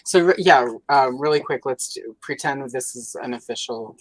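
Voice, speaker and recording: A woman's voice: very deep voice, normal speed, poor audio. A woman hosting a livestream, talking casually and rambling with many fillers. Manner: rambling, lots of fillers, chatty. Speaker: livestream host.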